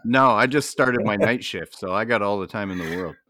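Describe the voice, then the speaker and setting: A man with a bright, forceful voice, joking and laughing through a relaxed podcast chat. He swears casually, and his voice is pitched a little low. The sound is dry and close. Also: a little fast, no echo. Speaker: podcast co-host.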